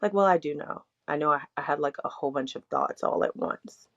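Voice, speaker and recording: This podcast co-host is a young adult woman whose deep, creaky voice swings widely in pitch as she talks briskly. Her casual, candid chat wanders, peppered with "like" and blunt profanity, over dull lo-fi sound.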